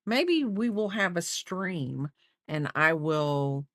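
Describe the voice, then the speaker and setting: A woman's voice: fairly low pitch, expressive, takes it slowly, no room sound, studio quality. A middle-aged woman hosting a crochet livestream, chatting casually and teasing, often laughing. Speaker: livestream host. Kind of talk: casual chat while crocheting on stream.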